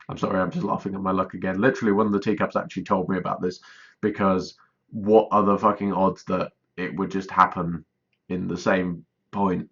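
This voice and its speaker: A man talks through a casual vlog update, rambling and self-deprecating, often stalling mid-sentence. His voice sits a bit low but has a bright, forceful edge. The audio is dull and lo-fi. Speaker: YouTuber directing a voiced let's play.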